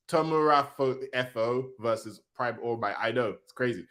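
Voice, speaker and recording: A man hosting a casual manga reaction, reading panels aloud in an excitable, slangy way. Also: mid-range voice, normal speed, few pauses.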